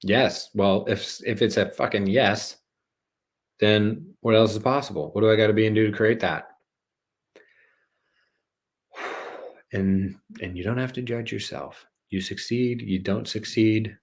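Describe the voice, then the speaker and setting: Playful rambling man, lowish voice. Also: takes it slowly, pauses often. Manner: playful and rambling, swears, jokey rhymes. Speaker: host of a spiritual channel show. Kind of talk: casual rambling livestream monologue.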